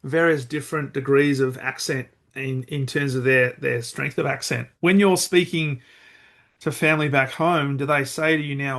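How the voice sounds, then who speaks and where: A man hosting a podcast, interviewing a guest in an upbeat, energetic way. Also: medium pitch, normal speed, creaky. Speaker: podcast host.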